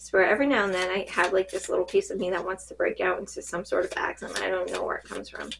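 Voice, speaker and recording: A woman reading cards in a casual spiritual check-in, her voice fading and a little hoarse, rambling and halting with many fillers. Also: mid-range voice, flat delivery, noisy background. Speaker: tarot card reader.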